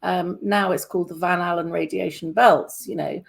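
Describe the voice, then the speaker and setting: Brief: woman in her fifties, low and husky voice, interview host who rambles and restarts. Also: fairly even intonation, normal speed. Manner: rambling, hesitant, many restarts. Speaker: podcast host. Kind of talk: casual interview chat.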